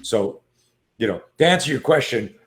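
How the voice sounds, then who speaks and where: Man, self-defense coach, interview guest, animated storyteller, casual, mid-pitched voice. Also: normal speed. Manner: animated storyteller who acts out quoted voices; frequent fillers and restarts.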